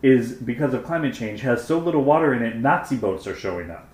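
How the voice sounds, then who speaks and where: Podcast co-host, man in his forties from Wisconsin, animated storyteller, echoey room. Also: mid-range voice, brisk. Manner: animated, swearing, self-mocking storyteller. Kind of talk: casual chat, storytelling. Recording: roomy echo.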